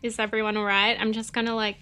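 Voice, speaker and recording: A woman's voice: a little high, flat delivery, quick pace, bright, forceful tone, clean tone, faint music behind. A young woman streaming a game and chatting with her viewers, with a stuffy, sniffly nose and a bubbly, chatty manner. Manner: chatty, bubbly, talks to chat. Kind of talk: casual live-stream chat.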